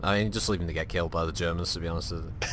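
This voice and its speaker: A man's voice: deep voice, fairly even intonation, rapid-fire, noisy background. A man chatting and joking while streaming a game, with a lot of swearing. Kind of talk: live gameplay chat.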